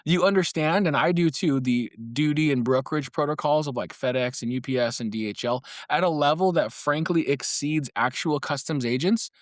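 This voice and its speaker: A man's voice: fairly high pitch, normal speed, hardly any pauses, no echo, studio quality. A man hosting a solo comic podcast, talking in a wry, playful, conspiratorial way and laughing between phrases. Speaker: podcast host.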